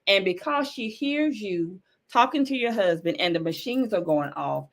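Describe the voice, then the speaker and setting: A woman podcast host with a mid-pitched, animated voice that moves freely up and down. She listens closely, answers with quick affirmations, and recaps what her guest has told her. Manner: responsive, frequent affirmations, recaps guest's story. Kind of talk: interview podcast.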